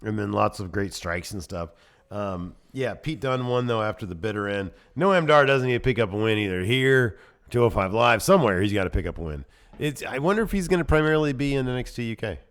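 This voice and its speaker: A man co-hosting a podcast in casual chat, laughing often and dropping into low trailing asides. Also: expressive, a little fast, fairly bright tone. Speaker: podcast co-host.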